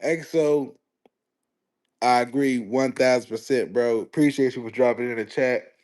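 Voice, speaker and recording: Young male streamer, mid-pitched voice, slangy and animated, reacting to chat. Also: normal speed. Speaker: live streamer. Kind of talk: casual livestream sports commentary.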